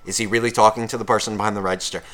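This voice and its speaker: Speaking very fast in a fairly low voice with a steady, slightly bright tone, a podcast co-host delivers a casual rant. The profane story is about shopping, and he acts out both sides of the exchange.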